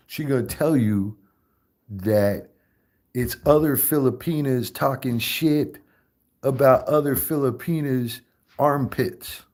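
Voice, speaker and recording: A man hosting a casual livestream chat, profane and animated, breaking into laughter often. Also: mid-range voice, slow. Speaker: streamer host.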